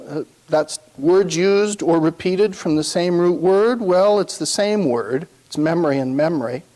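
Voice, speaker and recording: Male lecturer, slightly high voice, musing delivery, solemn when quoting. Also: darkish tone. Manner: thinks aloud, reads quotations with slow solemn emphasis. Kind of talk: university lecture on rhetoric.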